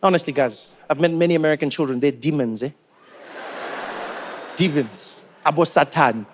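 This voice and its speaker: A South African man tells comic stories on stage in a high, animated voice. He keeps slipping into playful character voices to act out his scenes. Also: normal speed, noisy background. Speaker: comedian. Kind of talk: stand-up comedy.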